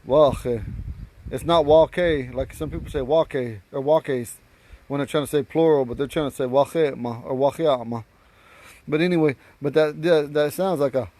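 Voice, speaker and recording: Man, slightly high voice, loose chatty teacher who backtracks a lot; faint hiss behind. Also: a little mellow, low-quality recording. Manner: rambling, repeats and corrects himself, greets viewers mid-lesson. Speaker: language teacher. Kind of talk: casual spoken lesson.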